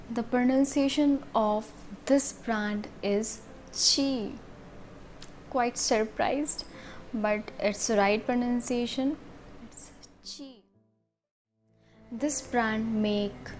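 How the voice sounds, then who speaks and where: Slow, deliberate woman teaching pronunciation. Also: on the high side, darkish tone, slight background noise. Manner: slow, deliberate, repeats words carefully. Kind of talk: instructional video explanation.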